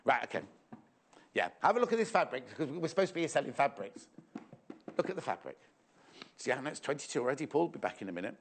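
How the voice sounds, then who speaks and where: A man's voice: medium pitch, sing-song, quick pace, long pauses, a little hiss or hum. A man presenting a live shopping show in a playful, jokey, chatty way, reading out viewer messages.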